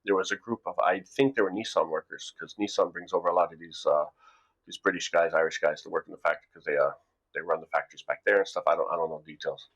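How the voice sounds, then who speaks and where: A man's voice: deep voice, steady tone, fast, a bit bright. A middle-aged man from the United States, telling a rambling story to camera in a casual vlog, often repeating words as he goes. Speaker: vlogger. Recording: dull lo-fi recording.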